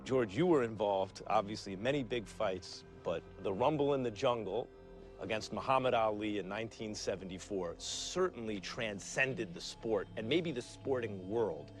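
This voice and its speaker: A man's voice: fairly low pitch, animated, normal speed, soft background music. A man hosting a broadcast sports interview, asking polished, leading questions of retired boxers. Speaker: interviewer, co-host.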